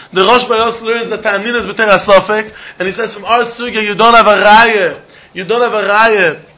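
A man explains a Talmud passage in a lilting, repetitive sing-song. His voice sits high for a man and sounds bright and forceful. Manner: sing-song, repeats key points, mixes in Hebrew and Yiddish terms. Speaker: Talmud teacher. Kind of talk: Talmud lesson.

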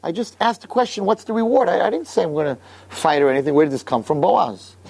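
Brief: a man playing a young shepherd, high and eager, earnest and gentle. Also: fast, vocal fry, slightly rough, heavily acted. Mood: innocent. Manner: innocent, earnest questioning.

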